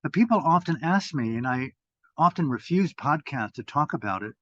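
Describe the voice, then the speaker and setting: An older man giving an impassioned talk as a meditation teacher, swearing freely and swinging between loud bursts and hushed asides. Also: on the high side, expressive, normal speed. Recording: dull, dry lo-fi audio.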